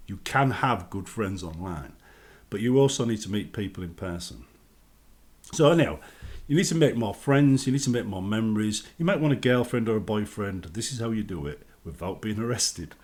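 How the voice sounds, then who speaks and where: A man's voice: on the low side, a little mellow. A British man giving casual advice on a gaming vlog, chatty and acting out everyday greetings. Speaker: gaming vlogger.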